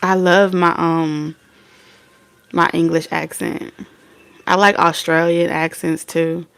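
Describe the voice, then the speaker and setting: A woman's voice: on the low side, little pitch movement, slow pace, gravelly, a bit bright, clean tone. A woman hosting a live tarot reading, chatting casually and folksily with her viewers. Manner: chatty, reads out viewer comments, folksy slang. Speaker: tarot reader.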